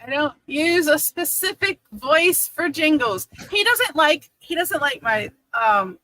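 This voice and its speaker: A female radio co-host with a high, bright, sharp voice. She banters playfully and pushes back against teasing. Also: animated, takes it slowly, rough recording. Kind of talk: casual studio banter.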